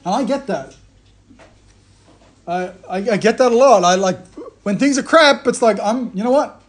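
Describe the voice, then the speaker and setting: A man giving a conversational sermon, retelling a story in a lively way and often restarting his phrases. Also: high voice, moderate pace. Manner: animated storytelling, frequent restarts. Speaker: preacher.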